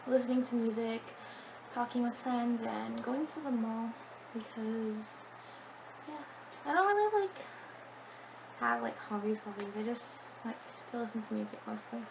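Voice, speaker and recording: A teenage girl answering Q&A questions hesitantly, full of fillers, in quick bursts. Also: a little high, gravelly, lo-fi sound, noisy background. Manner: hesitant, filler-heavy, speeding up. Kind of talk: casual Q&A chat.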